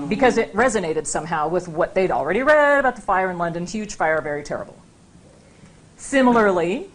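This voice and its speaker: A woman lecturing to a live audience in a very animated voice, her pitch rising and falling widely from phrase to phrase. She talks in a loose, conversational way and keeps tossing "right?" and "okay?" to the room. It sounds like a university talk with slides, in a lecture room.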